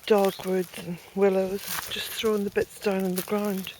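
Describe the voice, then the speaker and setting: Irish woman rambling slow through her garden, bit breathless, windy outdoor noise all round. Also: medium pitch, little pitch movement. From Ireland. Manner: chatty, calls loudly to her dog between quiet asides. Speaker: smallholder vlogger. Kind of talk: casual walk-and-talk garden tour. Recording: noisy outdoor camera audio.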